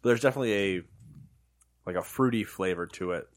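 A man's voice: on the low side, quick pace. A man hosting a casual snack-tasting chat, laid-back and joking. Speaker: host.

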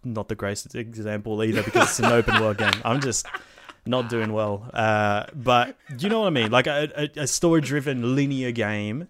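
A man's voice: mid-range voice, normal speed, noisy background. A man, co-hosting a casual chat about video games, rambling with fillers and restarts and swearing now and then. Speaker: podcast co-host.

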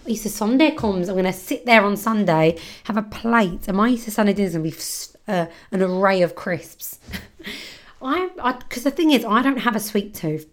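A young woman hosts her own podcast, chatting casually and rambling with lots of "like", her voice a little rough from a sore throat. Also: mid-range voice. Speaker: podcast host. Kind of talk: casual solo podcast chat.

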